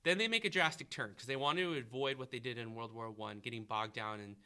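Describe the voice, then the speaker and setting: A man's voice: mid-range voice, brisk, sharp tone, clear, resonant tone. A man hosting a history review podcast, asking a student questions and encouraging the answers. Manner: questioning, encouraging, thinking aloud. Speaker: history teacher and podcast host.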